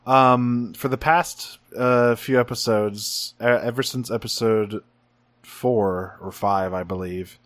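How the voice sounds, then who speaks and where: A man's voice: medium pitch, fairly even intonation, slow pace, dry recording. A man co-hosting a podcast, talking casually and enthusiastically, rambling a bit and swearing now and then. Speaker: podcast co-host. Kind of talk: casual chat.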